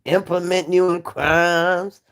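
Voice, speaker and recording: Lady live streaming to her chat, joking around loud, laughs a bunch, then goes all low and hushed. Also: steady tone, measured pace, clear, resonant tone. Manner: brassy and joking, laughs often, swings between loud outbursts and low asides. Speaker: livestream host. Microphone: phone or computer mic on a livestream.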